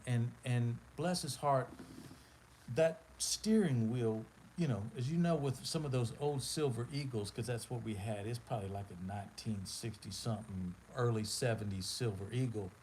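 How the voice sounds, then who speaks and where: A man's voice: mid-range voice, darkish tone, slight background noise, rough recording. A man hosting a live stream, telling a long story in a rambling, laid-back way. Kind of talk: casual storytelling.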